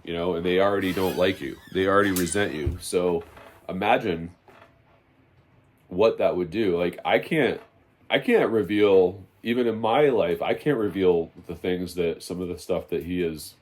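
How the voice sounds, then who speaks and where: A man's voice: low-pitched, moderate pace. A man giving an impassioned spoken testimony as a religious teacher, preaching emphatically and repeating phrases for stress.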